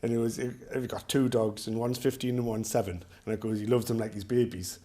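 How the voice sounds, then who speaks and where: Talking casually to his class, a middle-aged Geordie self-defence instructor from North East England rambles through jokey anecdotes. The voice is medium-pitched and dark in tone, level, and fairly quick.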